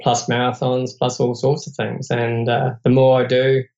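A man's voice: medium pitch, completely flat delivery, moderate pace, vocal fry, darkish tone, muffled recording. An Australian man, a podcast guest, telling a personal story in an earnest, reflective, plain-spoken way.

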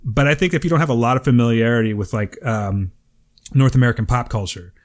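Man, podcast co-host, thirties, relaxed joking banter, mid pitch. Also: fast talker. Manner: joking, playful impressions. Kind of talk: casual chat.

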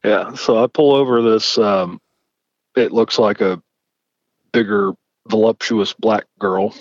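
A man's voice: fairly low pitch, slow, no echo. A man, a former police officer, telling traffic-stop stories in casual chat and acting out the dialogue. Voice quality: animated, acts out quoted dialogue. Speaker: podcast host, former police chief. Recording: dull lo-fi dry sound.

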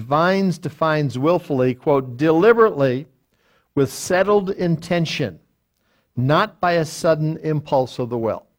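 An older man, a pastor, teaching a Bible study verse by verse, quoting reference books aloud and often restarting with fillers. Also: mid-range voice. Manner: deliberate, quotes lexicons aloud, frequent fillers and restarts.

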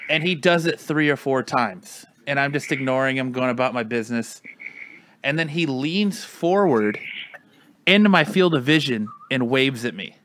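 A man's voice: medium pitch, expressive, normal speed, a bit bright, a little hiss or hum. A man in casual chat with friends, telling a long story in a rambling way, full of "like" and acted-out quotes.

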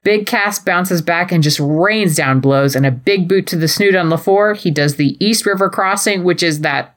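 A young adult woman with a low voice recaps the show for her co-host in casual chat. She is animated and jokey, slipping into playful voices when she quotes people. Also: moderate pace, few pauses. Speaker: podcast co-host.

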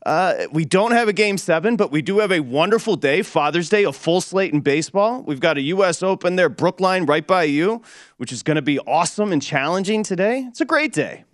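A man's voice: high voice, expressive, fairly quick, no room sound, studio quality. A man from Detroit hosting a sports betting show, teasing his co-host in a wry, mock-solemn way. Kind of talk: sports betting radio chat.

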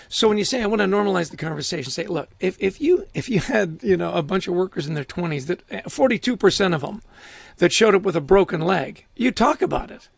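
A middle-aged man, a guest author in a conversational podcast interview, telling animated stories and acting out quotes. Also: high-pitched, vocal fry, slightly rough, no room sound. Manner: animated storyteller, acts out quotes, laughs often.

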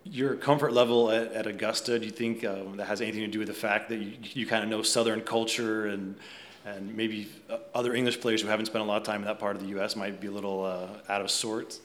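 A man's voice: lowish voice, flat delivery, quick pace, a bit bright, a little hiss or hum. A man interviewing a golfer, asking curious, friendly questions in a casual way. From United States. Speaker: interviewer, host.

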